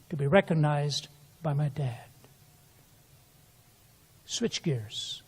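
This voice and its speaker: An older man preaching a sermon, telling stories that swell loud and drop soft. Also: on the high side, animated, takes it slowly, husky. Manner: swells loudly for quoted lines, drops soft for tender moments. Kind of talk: sermon storytelling.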